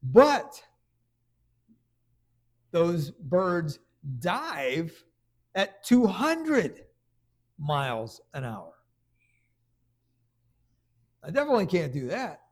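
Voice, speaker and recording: A man preaching a conversational sermon, stumbling over restarts and then rising into loud bursts of emphasis. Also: sits high, huge pitch swings, very slow, long pauses.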